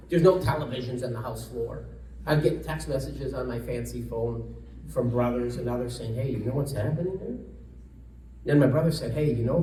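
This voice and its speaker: A man's voice: a little high, darkish tone, echoey room, far from the mic, a little hiss or hum, rough recording. A man giving a storytelling speech at a luncheon, acting out the people he quotes, with frequent restarts. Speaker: congressman giving a guest talk. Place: luncheon event room, indoors.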